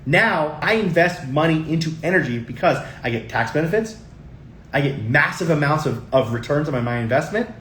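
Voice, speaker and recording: A man's voice: a little high, animated, a little fast, a bit bright, reverberant, slight background noise. A middle-aged man hosting a tax tips show, talking casually and emphatically to viewers and repeating his points. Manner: emphatic and repetitive, often addresses viewers as guys. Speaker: show host giving tax and investing tips. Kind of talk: casual talk to camera.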